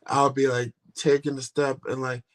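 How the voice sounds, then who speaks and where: A man's voice: mid-range voice, level tone, normal speed. A man co-hosting a casual podcast, speaking candidly and swearing casually as he tells a personal story. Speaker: co-host.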